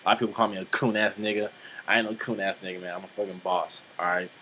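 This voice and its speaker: A man's voice: deep voice, fairly even intonation, fast, sharp tone, a little hiss or hum, poor audio. Rambling, profane young man vlogging. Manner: rambling, blunt and profane, many fillers. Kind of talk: casual vlog monologue.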